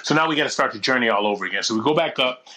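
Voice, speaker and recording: A man co-hosting a podcast, telling stories in a profane, animated, casual way. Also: mid-range voice, very fast. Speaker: podcast co-host. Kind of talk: casual storytelling chat.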